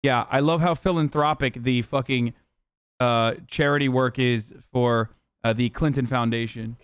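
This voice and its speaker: A man's voice: mid-range voice, steady tone, normal speed, clear, resonant tone, no echo. A man streaming live, answering chat in a sarcastic, profane, mocking way. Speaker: streamer reacting to chat and clips. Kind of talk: casual live-stream commentary.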